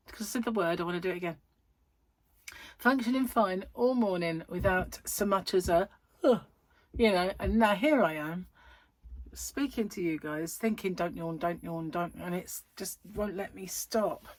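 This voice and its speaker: A woman's voice: medium pitch, no echo. A middle-aged woman chatting casually to camera, rambling and giggly as she tells stories, tired and yawning. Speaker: vlogger.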